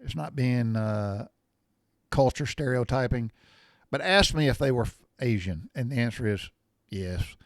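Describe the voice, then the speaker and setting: This is a man in his sixties talking straight to his audience in an easygoing, folksy way. His pitch sits in a middle range, and he rambles and drifts onto side topics before circling back. The sound is dry and close, with hardly any room echo. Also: expressive, measured pace. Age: 60s. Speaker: vlogger. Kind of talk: casual chat.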